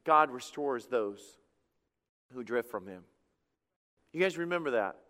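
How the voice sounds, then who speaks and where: Man, pastor, sermon, impassioned, loud-to-hushed swings, smooth resonant voice, long reverb. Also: mid-range voice, lively intonation, a little slow.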